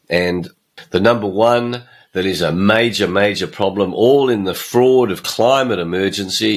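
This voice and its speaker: A middle-aged man delivers a motivational podcast monologue. His voice sits low and carries a husky edge. He hammers his points home by repeating words. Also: fairly bright tone. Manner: emphatic, repeats phrases. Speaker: podcast host and coach.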